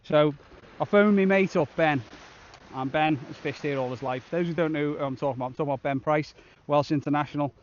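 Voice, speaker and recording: A man's voice: on the high side, fairly quick, highs cut off, slight background noise. A man vlogging a shore fishing trip outdoors on a beach, chatting casually and upbeat to the camera. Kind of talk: casual outdoor vlog narration.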